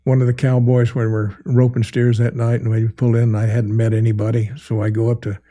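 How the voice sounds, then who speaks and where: A man's voice: mid-range voice, flat delivery, fast talker, dark tone. Folksy older American man spinning yarns. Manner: folksy rambling yarn-spinner with many restarts. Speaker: guest western artist. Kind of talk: storytelling in an interview.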